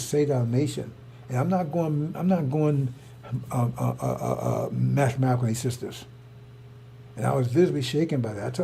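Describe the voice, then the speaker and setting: Gravelly dark-voiced guy ranting, faint hum behind. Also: medium pitch. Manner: heated, repetitive, emphatic storytelling. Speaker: online preacher. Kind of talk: rambling personal monologue.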